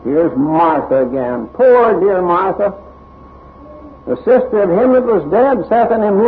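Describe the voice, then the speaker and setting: A man preaching a sermon, reading scripture aloud with dramatic emphasis. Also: high-pitched. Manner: expressive, dramatic emphasis, unhurried delivery. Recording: tinny narrow-band recording.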